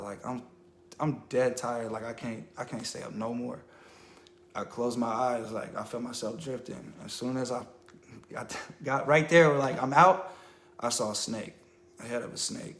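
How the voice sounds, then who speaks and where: A man tells his personal testimony live, speaking earnestly and emotionally and filling the story with "like" and "man". His voice sits in an ordinary middle pitch. The room around him adds a noticeable echo, as on a phone or webcam live stream. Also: steady tone, normal speed, fairly bright tone, slight background noise. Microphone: phone or webcam on a social media live stream.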